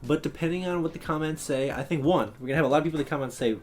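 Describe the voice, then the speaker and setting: Fast-talking young man, teasing co-host. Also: a little high, darkish tone, soft background music. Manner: teasing, quick back-and-forth. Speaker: producer and co-host. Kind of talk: casual chat.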